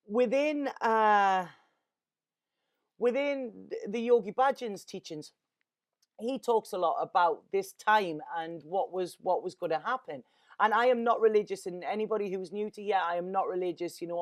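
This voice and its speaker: Earnest rambling woman. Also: on the low side. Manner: earnest and rambling, repeats words, gets emotional. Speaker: tarot reader. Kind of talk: casual spiritual monologue.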